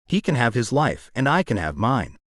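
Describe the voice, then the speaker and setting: A man voicing a tiny, husky, teasing foreign woman. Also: medium pitch, very animated, moderate pace, no echo, clean studio sound. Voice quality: husky rasp.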